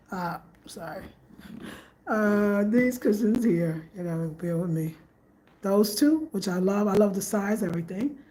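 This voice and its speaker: Showing her living room on a home design vlog, a woman thinks aloud in a casual, chatty way and keeps repeating herself. Her voice is mid-range and warm, captured in an echoey space with slight room noise.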